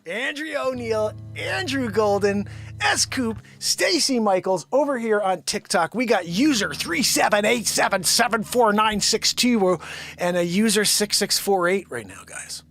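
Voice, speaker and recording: A man hosting a daily live comedy stream, rambling and joking, swinging from loud bursts to muttered asides. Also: high-pitched, expressive, a little slow, gravelly, faint music behind. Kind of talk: unscripted live comedy chat. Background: his own intro song playing.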